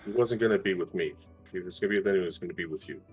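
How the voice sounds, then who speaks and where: A man's voice: sits low, very fast, breathy edge, faint music behind. A man playing a tabletop role-playing game, earnest and intense, swearing freely. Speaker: player.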